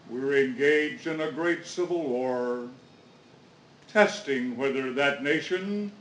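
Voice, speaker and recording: A man playing a solemn 1860s president, reciting a formal address in a slow, measured way at a historical reenactment. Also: a little high, echoey room, slight background noise, rough recording.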